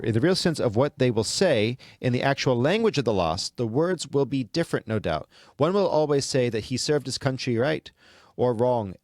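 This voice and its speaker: A man's voice: fairly low pitch, dry recording, studio quality. Earnest man preaching on a podcast. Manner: earnest, preaching, reads quotes aloud. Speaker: podcast host. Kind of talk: sermon-like commentary.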